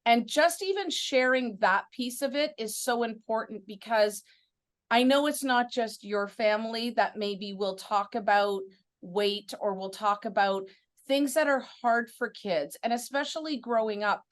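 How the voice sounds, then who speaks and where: A woman's voice: a little high, unhurried. A woman hosting a podcast interview, talking in an effusive, encouraging and affectionate way. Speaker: podcast host. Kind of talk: supportive interview chat.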